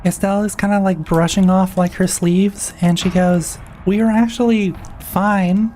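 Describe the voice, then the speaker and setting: A woman's voice: mid-range voice, fairly even intonation, a little slow, dark tone, slight background noise. A woman playing a tabletop game, describing her character's actions casually, with fillers. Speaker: player.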